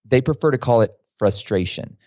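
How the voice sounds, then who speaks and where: A man, a guest author and coach, telling stories in a casual, lively way during a podcast interview. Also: medium pitch, fairly quick, no echo, muffled recording.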